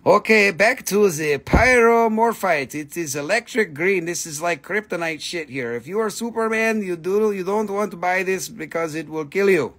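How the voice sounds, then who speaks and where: High-voiced joking man selling crystals live. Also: moderate pace, hardly any pauses, a bit bright. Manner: joking, playful, breaks into silly voices. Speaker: live-stream crystal seller. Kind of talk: casual live sales stream.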